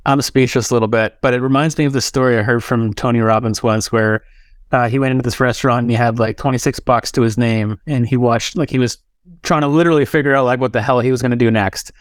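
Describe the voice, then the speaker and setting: A man hosting a podcast, retelling an anecdote in a relaxed, casual way with many fillers. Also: medium pitch, fast talker, dry recording, studio quality. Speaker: podcast host. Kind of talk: casual storytelling.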